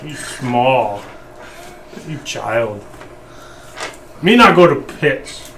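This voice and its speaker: A man playing a dim brute warrior in a tabletop game, speaking in slow, blunt caveman grammar. The voice sits low and plods along with bright edges. Faint noise hangs behind it. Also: very animated, far from the mic, full character voice. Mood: stubborn. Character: dim-witted, hungry male brute warrior.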